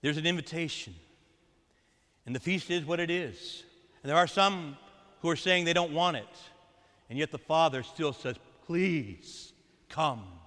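A male priest preaching a sermon earnestly, urging his listeners and often dropping to a soft, intense tone. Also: a little high, moderate pace, long pauses, in a large hall. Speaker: Catholic priest.

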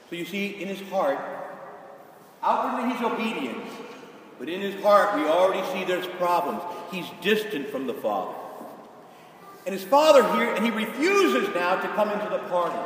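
A man preaching a sermon in a large church, emphatic and rising to shouts for stress. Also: high-pitched, big pitch swings, moderate pace, slight background noise. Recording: echoey hall from far off.

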